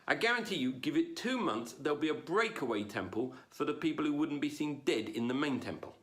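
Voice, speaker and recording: A man performing a stand-up comedy routine online, jumping between loud punchlines and low asides.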